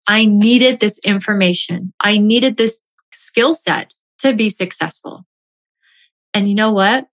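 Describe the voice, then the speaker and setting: A woman telling a personal story as a motivational speaker, stressing her points by repeating key phrases. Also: mid-range voice.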